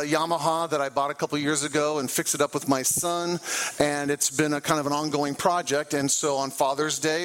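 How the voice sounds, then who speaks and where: A man's voice: a little high, fairly bright tone, low-quality recording. A middle-aged man, a trauma therapist and guest speaker, telling a personal story to a church crowd in a loose, conversational way with fillers and self-corrections. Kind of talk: storytelling talk from a church platform.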